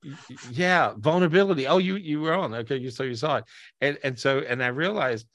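A man's voice: fairly high pitch, brisk, fairly bright tone, no room sound. A man hosting a live podcast over a video call, teary and emotional, rambling and repeating himself. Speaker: host.

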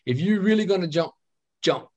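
A man talking over a video call in a slightly higher register, relaxed and chatty. He tells his story with a lot of energy, plays out the quoted lines and laughs as he goes. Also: fairly quick. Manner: animated, acts out quoted dialogue, laughs often. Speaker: guest telling a personal story.

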